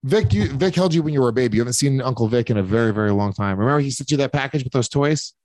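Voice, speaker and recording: A man's voice: medium pitch, very fast, darkish tone. A male podcast host rambles through a loose, casual chat, swearing often and restarting his sentences. The sound is dry and close, with almost no room echo. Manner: rambling, profane, stammering restarts.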